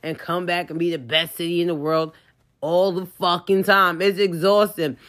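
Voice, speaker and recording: A woman ranting in a profane, comedic way, with her voice jumping high and loud in heated outbursts. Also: little pitch movement, normal speed. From New York.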